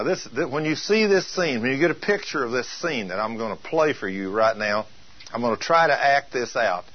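Brief: male preacher, emphatic sermon delivery, husky voice, dull lo-fi tape. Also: medium pitch. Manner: emphatic, asks rhetorical questions. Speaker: preacher teaching on healing. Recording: dull lo-fi taped teaching.

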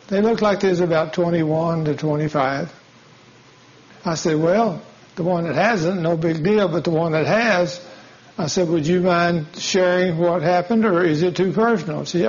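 A man's voice: sits high, moderate pace, a little mellow. A man preaching a sermon, telling a folksy story and acting out the dialogue. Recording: dull lo-fi sound.

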